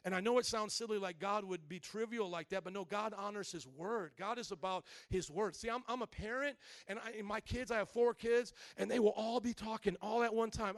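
A man in his thirties preaching a sermon, joking with the congregation and then slowing into soft, calm reading. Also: sits high, no room sound, studio quality. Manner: animated, jokey preaching that drops to a slow soft voice. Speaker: pastor.

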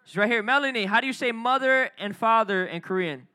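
Male youth pastor, bright high voice, energetic sermon with crowd call-outs. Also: brisk. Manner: energetic, calls for crowd responses. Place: church youth service.

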